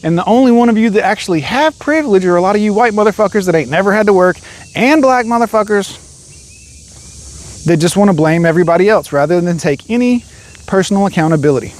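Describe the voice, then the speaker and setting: A man with a fairly high voice launches into an angry monologue, swearing freely and hammering every point with emphasis. It sounds like a one-man rant recorded for his own channel. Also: lively intonation, fast talker. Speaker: vlogger. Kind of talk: ranting monologue.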